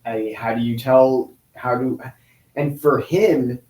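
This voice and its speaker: A man in his forties telling a painful personal story in an interview, halting and restarting often. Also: medium pitch, steady tone, darkish tone. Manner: halting, with many restarts and pauses. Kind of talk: emotional personal account in an interview. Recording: roomy echo.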